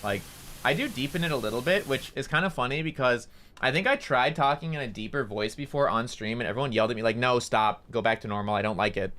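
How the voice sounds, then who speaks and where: A man's voice: medium pitch, quick pace, sharp tone. A young man streaming a game, chatting casually and rambling, with a nasal tone. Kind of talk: casual gameplay commentary.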